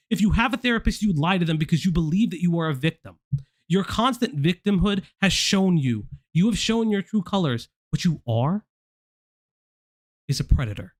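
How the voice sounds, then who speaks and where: A man's voice: sits high, lively intonation, moderate pace, no echo, clean studio sound. A man hosting a commentary stream, lecturing in a heated, profane way. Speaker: stream host.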